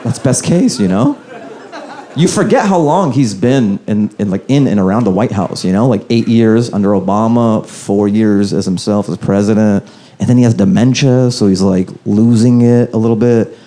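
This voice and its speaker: A male stand-up comedian doing a loose, conversational set on a club stage, slipping into quick impressions, recorded live with a handheld mic. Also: fairly low pitch, mellow. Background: audience laughter.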